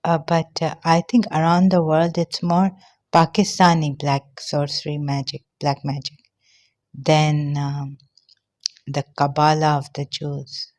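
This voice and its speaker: Slow, breathless woman with a low voice. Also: flat delivery. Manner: halting, earnest, trailing off softly. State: short of breath. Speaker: vlogger. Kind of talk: personal opinion monologue.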